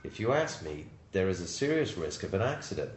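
Blunt male committee member, lively intonation, roomy with faint noise. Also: sits low, fairly quick.

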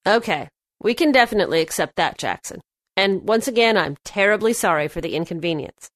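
A woman playing a polite businesswoman making a phone call in a scripted lesson dialogue, in a mid-pitched voice. She speaks carefully and courteously. The sound is dry and close. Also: lively intonation, a little fast, no echo, lightly acted.

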